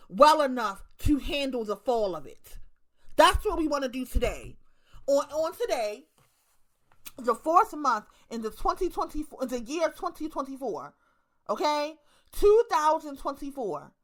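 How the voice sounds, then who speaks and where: Woman, 30s, Baltimore accent, slightly high voice, blunt, profane monologue with lots of repetition. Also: sing-song, unhurried. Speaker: online commentator. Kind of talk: casual monologue to camera.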